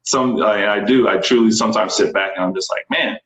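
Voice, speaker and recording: Excited low-voiced man from Texas. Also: fairly quick, echoey room, low-quality recording. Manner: animated, enthusiastic, frequent laughs and quoted voices. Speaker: stunt performer, interview guest. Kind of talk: casual storytelling interview.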